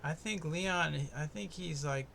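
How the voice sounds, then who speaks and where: Young male podcast host, gravelly and slightly high, loose and profane, cracks jokes as he rambles. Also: measured pace, bright, forceful tone, slight background noise. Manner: profane, laid-back, rambling and jokey. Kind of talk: casual solo fight-prediction podcast. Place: home in the US East Coast.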